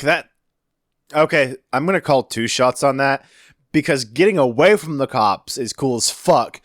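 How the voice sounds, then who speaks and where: Excitable swearing male podcast co-host. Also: medium pitch, unhurried, no echo, clean studio sound. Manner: profane, excitable, cheering and calling shots. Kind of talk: casual drinking-game podcast chat.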